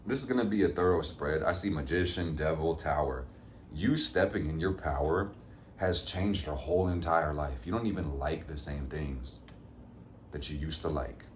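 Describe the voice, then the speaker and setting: A man's voice: extremely low pitch, moderate pace, echoey room, a little hiss or hum. A man giving a casual, upbeat tarot reading to his viewers, full of motivational pep talk. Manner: upbeat, motivational, addresses viewers as fam and gang. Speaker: tarot reader.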